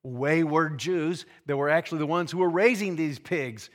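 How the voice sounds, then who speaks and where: A male preacher with a voice pitched a little above the usual for a man. He explains scripture earnestly and conversationally, often restarting his phrases and dropping in casual asides. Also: normal speed. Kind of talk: expository sermon.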